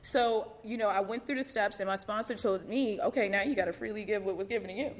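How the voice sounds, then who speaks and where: New woman telling her recovery story, loose and chatty, laughs a lot, mid pitch. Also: fast. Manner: candid, conversational, lots of fillers and laughter. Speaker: recovery meeting speaker. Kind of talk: personal testimony.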